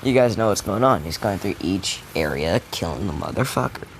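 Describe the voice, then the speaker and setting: A man's voice: low-pitched, expressive, brisk, creaky, a little hiss or hum. A man telling a made-up story in a casual, rambling, profane way. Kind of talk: casual retelling of a fan scenario.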